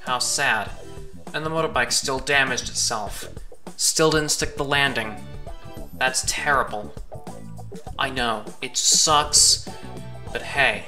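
A woman commentating on a game she is playing, playful and excitable, talking to the characters on screen. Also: very deep voice, slow pace, long pauses. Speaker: gaming channel host. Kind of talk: let's play commentary. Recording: music playing under voice. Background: background music.

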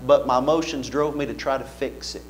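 A man's voice: mid-range voice, fairly even intonation, fairly quick, a little hiss or hum. A man preaching an earnest sermon in a church, building fervor with repeated phrases.

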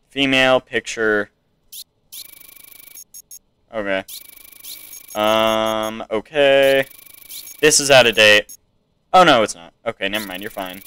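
Man, casual gameplay commentary, thinks aloud, slow, smooth voice. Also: lowish voice, bright, forceful tone. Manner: thinks aloud, checks items off to himself. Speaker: game player.

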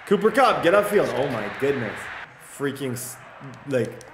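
A young man playing a football video game, reacting loudly and cheering or yelling at each play as a gaming commentator. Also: medium pitch, moderate pace, roomy sound, noisy background. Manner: excitable, yells and cheers at plays. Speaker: gaming YouTuber.

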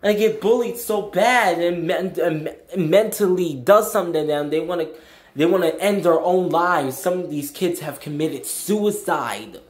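A man's voice: high voice, unhurried. A young man ranting in a vlog, emphatic and blunt, repeating his points with slang. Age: young adult. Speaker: vlogger. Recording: echoey room.

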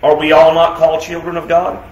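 A man preaching a sermon as pastor, emphatic, asking rhetorical questions and swinging between loud declarations and quiet, soft asides. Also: a little high, level tone, a little fast, muffled recording. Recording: echoey room sound.

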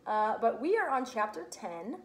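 A woman's voice: a little high, sing-song, moderate pace, poor audio. A young woman hosting a children's book read-aloud at home, chatty with lots of ums. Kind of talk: casual chat and children's book reading. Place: hot apartment at home.

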